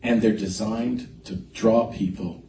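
A man preaching a sermon as a pastor, telling a personal story in an animated way with swings in loudness. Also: lowish voice, slow pace, background noise. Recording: echoey hall mic from a distance.

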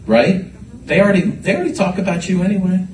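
A man's voice: high voice, quick pace, recorded from a distance, a little hiss or hum. Fervent preacher man in an echoey room. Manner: animated, repeats words, rising to shouts. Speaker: pastor. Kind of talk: sermon. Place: church sanctuary.

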